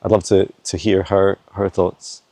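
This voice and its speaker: A man, talking haltingly with many fillers as he channels answers while walking his dog in the woods, filmed on a handheld phone. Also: low-pitched, flat delivery, a little mellow, no room sound. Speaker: psychic channeler. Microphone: handheld phone camera.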